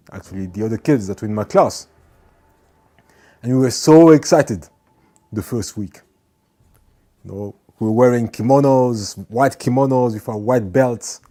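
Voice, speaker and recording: A man giving an earnest motivational talk, repeating his points and now and then acting out angry people. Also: on the low side. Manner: earnest, repeats phrases, acts out shouting people. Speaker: motivational speaker.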